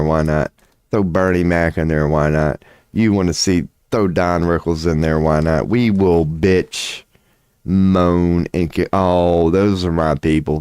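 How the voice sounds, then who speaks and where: A man streaming live, rambling excitably in a casual, profane rant about comedians. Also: deep voice, clear, resonant tone, no room sound, studio quality. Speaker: streamer offering tarot readings.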